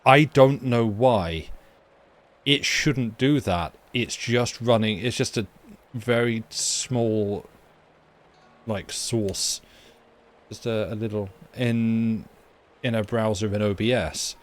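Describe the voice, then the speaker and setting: Low-voiced man hosting a casual stream. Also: slow pace, pauses often. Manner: rambling, explains tech mishaps with many fillers. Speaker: streamer and host. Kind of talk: casual chat on a live stream.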